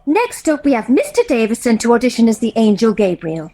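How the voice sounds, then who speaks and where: A woman's voice: on the high side, very animated, a little fast, warm tone, a little hiss or hum. A woman playing a fussy, flustered middle-aged woman helping run nativity auditions in a radio sitcom. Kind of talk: comedy radio sitcom acting.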